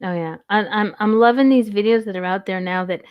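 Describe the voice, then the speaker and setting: A woman's voice: medium pitch, fairly quick, clean tone, no room sound, lo-fi sound. A woman hosting a casual chat, rambling along with frequent restarts and reading viewer questions. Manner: chatty, rambling, with many restarts. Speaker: host.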